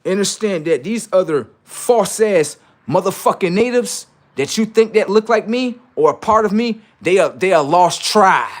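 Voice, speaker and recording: Man on a livestream, profane rant, taunting and heated, slightly higher voice with big swings in pitch. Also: animated, moderate pace, hardly any pauses. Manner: heated, taunting, swings between loud jeers and low asides. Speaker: livestream host.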